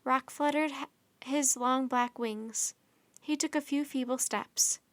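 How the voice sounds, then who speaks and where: A woman reads a children's storybook aloud in an expressive manner. Her voice is slightly high, and the recording is dry and close, with no room sound. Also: takes it slowly, no room sound. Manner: expressive, performing character voices.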